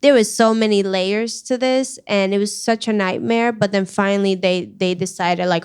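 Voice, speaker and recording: Candid woman guest with a clear voice. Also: medium pitch, steady tone. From Iran. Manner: candid, halting, many fillers. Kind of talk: emotional personal interview.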